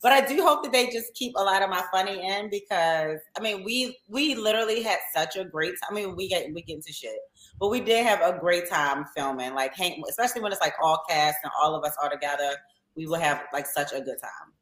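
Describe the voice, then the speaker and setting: A woman's voice: fairly low pitch, expressive, fairly quick, fairly bright tone, echoey room, poor audio. A woman from Baltimore with a Baltimore accent, a reality show guest talking casually, blunt and laughing often, swearing freely. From Baltimore, USA. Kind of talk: casual interview chat.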